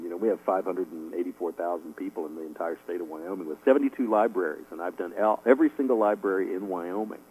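Over poor audio, a middle-aged author on a casual radio show rambles through his answers in a deep, slightly mellow voice. He fills the gaps with lots of fillers and laughs frequently.

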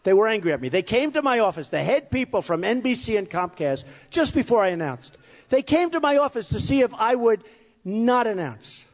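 A man's voice: high-pitched, sing-song, brisk. A man giving a rambling, boastful campaign speech at an event, often repeating himself. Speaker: candidate speaking at a campaign event. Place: large hall with a crowd. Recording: long hall reverb.

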